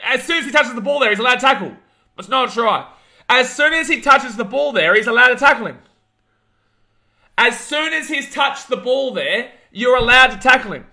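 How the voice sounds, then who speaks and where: A young Australian man hosting a live watch-along of a rugby league match, calling the play, reading chat and ranting, shouting at big moments. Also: very high-pitched, moderate pace, gravelly. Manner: excitable, rants, shouts at big plays.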